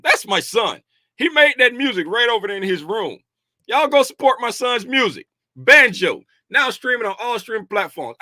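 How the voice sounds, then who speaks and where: A man's voice: sits high, bright, forceful tone, no room sound, clean studio sound. A middle-aged man hosting a casual livestream about trading from home, playful and folksy, calling out viewers by name. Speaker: livestream host, trading commentator. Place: home room.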